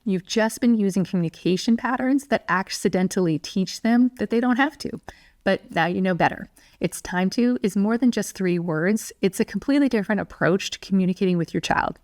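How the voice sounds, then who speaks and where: A woman parenting educator talks through a scripted lesson. Her delivery is calm, clear and steady, at a middle pitch. The sound is dry and close. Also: a little fast, no echo. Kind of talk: scripted teaching monologue.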